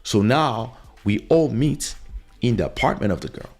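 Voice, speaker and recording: A man's voice: mid-range voice, expressive, moderate pace. A man hosting a podcast, telling a rambling personal anecdote in a loose, casual way. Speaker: podcast host. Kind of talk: casual storytelling. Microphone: studio podcast microphone.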